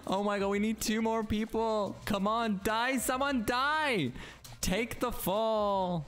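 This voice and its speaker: A young adult streamer giving live gameplay commentary, excitable, swearing and shrieking often, laughing and taunting teammates. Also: medium pitch, slow. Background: game music.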